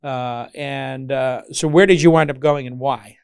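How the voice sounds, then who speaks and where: A man's voice: mid-range voice, steady tone, unhurried, darkish tone, clean tone, no echo, clean studio sound. A man hosting an interview podcast, teasing his guest and joking around in a casual chat. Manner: teasing, jokey, acts out mock voices of others. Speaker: podcast host.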